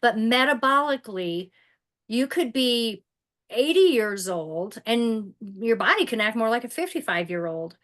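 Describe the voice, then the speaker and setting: A woman's voice: on the high side, lively intonation, measured pace, fairly bright tone. A middle-aged woman giving a casual wellness presentation over a video call, conversational, with many fillers and restarts.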